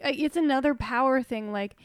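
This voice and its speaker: A woman's voice: high-pitched, a little fast, smooth, no echo, clean studio sound. A woman in casual podcast chat, speaking candidly and with emphasis. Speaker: podcast co-host.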